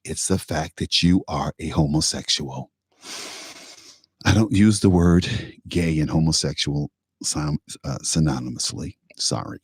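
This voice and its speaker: A male talk show host from Michigan delivering an opinion monologue, sarcastic and animated, often laughing at his own points. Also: rumbling low, measured pace, slightly rough, no room sound, studio quality. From Pontiac, Michigan, USA.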